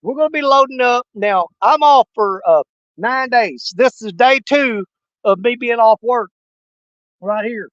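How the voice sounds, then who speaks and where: An older man from Missouri, United States, chats and jokes with viewers while hosting a fishing livestream outdoors on a river, laughing often in a folksy style. He speaks a little slowly in an extremely high, fairly bright voice, with no room sound and the highs cut off.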